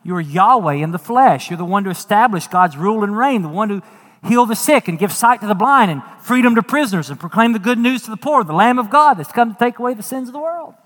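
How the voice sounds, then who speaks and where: A man preaching a sermon as a pastor, folksy and animated, acting out quotes and dropping jokes. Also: sits high, fast talker, long reverb tail.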